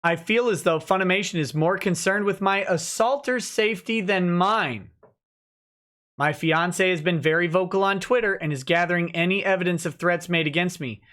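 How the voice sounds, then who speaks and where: A man's voice: high voice, a bit bright. A man hosting a laid-back legal livestream, speaking in a casual, conversational way. He reads filings and comments aloud and breaks in with sardonic, mocking remarks.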